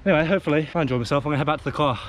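A young man with a British accent, chatting excitedly as he vlogs at outdoor dirt jumps. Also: on the high side, very fast. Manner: excitable, chatty, exclaiming often. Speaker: vlogger. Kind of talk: casual vlog chat. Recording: outdoor noise, nearby traffic.

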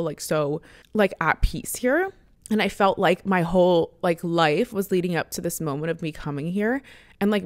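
A woman's voice: on the low side, no echo, clean studio sound. A young woman in her twenties hosting a podcast, talking in a casual, chatty way, full of "like" and restarts, and sometimes getting emotional. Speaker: podcast host. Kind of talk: casual personal monologue.

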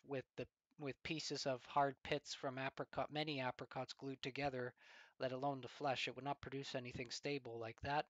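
A man giving a storytelling commentary, deliberate and fond of rhetorical questions. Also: mid-range voice, no echo, lo-fi sound.

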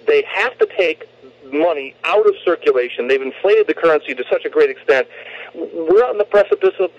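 A man talking politics on a radio show, emphatic and often repeating words as he restarts. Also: a little high. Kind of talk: political talk radio discussion. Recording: muffled lo-fi radio recording.

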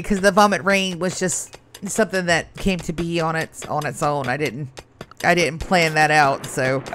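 A woman's voice: on the low side, gravelly, a little hiss or hum. A woman giving live gameplay commentary on a stream, chatty and playful, rambling with fillers as she goes. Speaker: game streamer.

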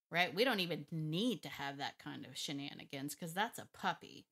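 A woman dog trainer explaining her methods in a casual, emphatic way, thinking out loud and laughing often. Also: sits low, lively intonation, moderate pace. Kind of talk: casual talk to camera, teaching.

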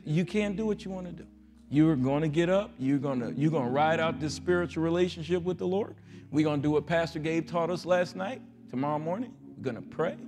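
A man preaching a folksy, joking sermon as pastor, acting out voices and rising into loud prayer. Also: fairly high pitch. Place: large church sanctuary.

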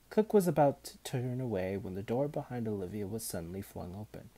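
A man reading a children's novel aloud in an unhurried, even storytelling manner. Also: fairly low pitch. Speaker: audiobook reader.

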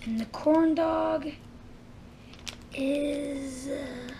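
A woman hosting a casual toy unboxing, chatty and excited as she narrates each step aloud. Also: high voice, very slow, creaky, slight background noise. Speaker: unboxing channel host.

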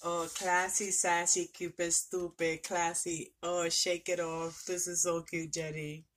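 A woman's voice: fairly low pitch, a little slow. A woman vlogger gushing and exclaiming as she unboxes a craft parcel from a friend. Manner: gushing, excitable, talks to friend directly. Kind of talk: casual unboxing chat.

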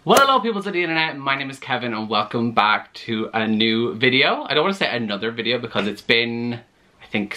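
A young Irish man talks straight to his camera in an easy, chatty vlog manner, animated and quick to laugh. His voice has a bright, forward tone at a middle pitch. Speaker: vlogger. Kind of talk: casual chat to camera.

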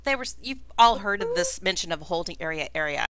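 Chatty woman game master, bright voice. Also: on the low side, lively intonation, quick pace, no room sound. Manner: chatty, many fillers. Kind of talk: narrating a tabletop game.

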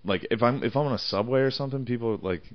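A man's voice: mid-range voice, quick pace, crowd noise. A young man with a western Pennsylvania accent, a stand-up comic co-hosting a podcast, laid-back and self-mocking. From northern Pennsylvania. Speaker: podcast co-host, stand-up comedian. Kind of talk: crude casual banter. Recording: dull lo-fi sound, dry.

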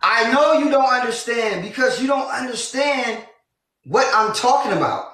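A man's voice: extremely high pitch, expressive, normal speed, sharp tone. A man on a casual livestream who insists on explaining himself and raises his voice. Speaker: livestream guest. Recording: echoey room.

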